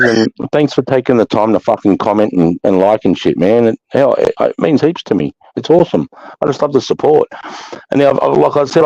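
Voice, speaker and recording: A middle-aged Australian man hosting a casual livestream chat, blunt and swearing often, telling stories with animated, jumping energy. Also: medium pitch, dry recording. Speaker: livestream host, army veteran. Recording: dull, dry lo-fi stream audio.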